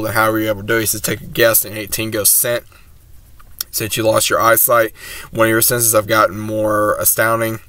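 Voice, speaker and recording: A man's voice: medium pitch, fairly bright tone, clear, resonant tone, no echo. A man reviewing an anime episode, retelling it in a rambling, casual way with many fillers.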